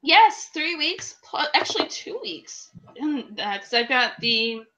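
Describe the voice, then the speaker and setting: A woman's voice: sits high, sing-song, slow, sharp tone. A woman co-hosting a casual chat show, fighting a cold and telling stories in a playful, chatty way. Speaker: podcast co-host.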